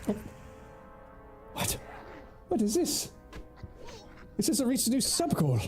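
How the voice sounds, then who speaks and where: A young man casually chatting through a gaming stream, relaxed, swearing and laughing. His voice is high-pitched yet mellow and dark in tone. Soft music runs quietly underneath. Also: slow. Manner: laid-back, swearing, laughing often. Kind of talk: casual gameplay commentary.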